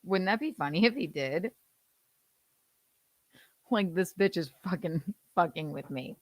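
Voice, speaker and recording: A woman's voice: fairly low pitch, animated, a little slow, dry recording. A woman hosting a casual livestream, talking sarcastically with swearing and laughing asides. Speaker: livestream host. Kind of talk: casual commentary chat.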